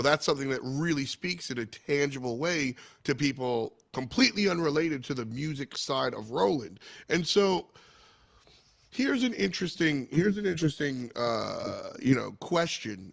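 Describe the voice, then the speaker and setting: A man's voice: mid-range voice, vocal fry, a bit bright. A man hosting a webinar panel over a video call, chatty and self-deprecating as he asks long, winding questions. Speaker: host.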